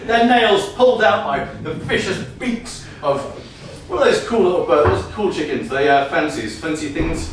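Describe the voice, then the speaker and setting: A man telling an improvised comic story on stage, energetic and often laughing as he riffs on audience prompts. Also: on the high side, normal speed. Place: comedy venue stage. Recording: echoey room from far off, faint noise.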